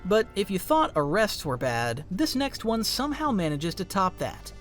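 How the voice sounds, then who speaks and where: A man's voice: sits high, big pitch swings, moderate pace, fairly bright tone. A man reading a scripted documentary narration in a dramatic, emphatic way. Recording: faint music underneath.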